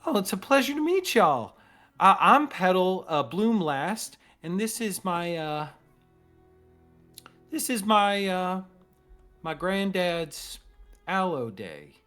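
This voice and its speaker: A sweet, gushing young cactus woman in a tabletop game, her voice lifted far up, as a man puts her on. She tumbles over her words in excitement, with faint music underneath. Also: high-pitched, slow pace, long pauses, pitched above the performer's own voice, heavily acted.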